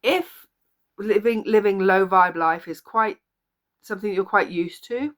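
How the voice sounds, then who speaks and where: An earnest woman coach speaking straight to the camera in a medium-pitched voice. She encourages her listeners warmly and repeats her key phrases to drive them home. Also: unhurried. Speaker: life coach. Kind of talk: motivational talk to camera. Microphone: camera or phone video.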